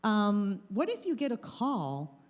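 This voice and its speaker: Middle-aged woman, mid pitch, live community talk on scams; plain, repeated warnings into a handheld mic. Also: very animated, takes it slowly. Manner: plain, repetitive warnings, acts out scam calls. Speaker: presenter of a scam-awareness talk. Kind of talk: live talk to a small audience. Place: meeting room with an audience.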